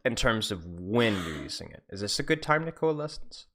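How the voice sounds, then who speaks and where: A young man coaching a student through a video game replay in a playful, teasing way. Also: normal speed. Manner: animated, teasing, jumps between high and low.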